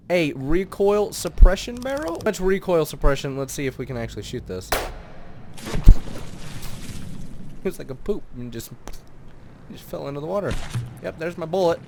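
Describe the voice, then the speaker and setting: A man hosting a let's play, muttering his thoughts aloud as he builds and tests, then bursting into excited shouts. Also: high voice, moderate pace, background noise. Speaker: gaming channel host.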